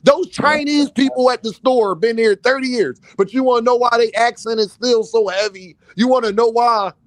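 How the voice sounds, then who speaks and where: High-voiced, slangy man talking boxing. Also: normal speed, dry recording. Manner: loud, joking, slangy, insistent. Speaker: podcast host. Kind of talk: casual boxing chat.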